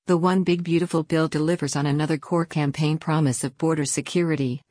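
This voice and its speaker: Low-voiced woman reading a news article. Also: darkish tone, no room sound, clean studio sound. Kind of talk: news article read aloud.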